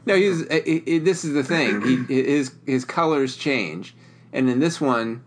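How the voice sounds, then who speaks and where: A man's voice: mid-range voice, lively intonation, unhurried. A man co-hosting a casual movie chat, rambling and restarting his sentences. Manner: rambling, restarts a lot, laughs often. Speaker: podcast co-host.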